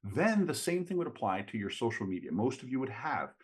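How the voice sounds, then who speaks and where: A man's voice: mid-range voice, fairly quick. A man, a sales trainer telling stories as a guest in an interview. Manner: lively storyteller, quotes people in dialogue. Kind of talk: animated storytelling in an interview.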